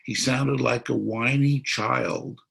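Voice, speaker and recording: A man's voice: medium pitch, takes it slowly, creaky, fairly bright tone, husky. A man speaking as a psychiatrist at a political forum, explaining his analysis.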